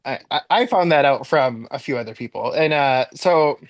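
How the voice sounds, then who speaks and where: A man telling a funny story as a podcast guest, chatty and animated, his voice leaping up as he relives his own panic. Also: moderate pace, dry recording. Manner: animated, jumps high in pitch when replaying his own panic; chatty with frequent likes and ums. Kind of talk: casual storytelling.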